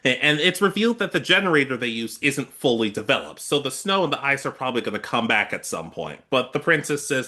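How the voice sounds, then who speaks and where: A man co-hosting an anime review podcast, joking casually and slipping into quick character voices. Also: medium pitch. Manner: animated, joking, quotes characters in put-on voices. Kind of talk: casual chat.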